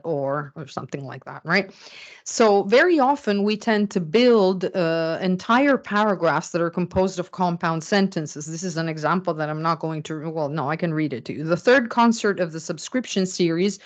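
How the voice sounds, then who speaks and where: Woman lecturing on writing, lowish voice. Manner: explanatory, often checks in with "okay?". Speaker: writing instructor. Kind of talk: recorded classroom lecture.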